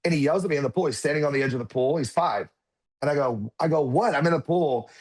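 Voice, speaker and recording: A man's voice: fairly high pitch, fast. A man in his thirties, a podcast guest, telling a personal story in conversation and acting out what his children said. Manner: animated, acts out quotes of his children.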